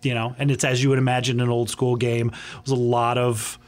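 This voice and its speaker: A man's voice: medium pitch, flat delivery, brisk. A man co-hosting a podcast, telling a story in casual chat, rambling with frequent restarts. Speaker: podcast co-host.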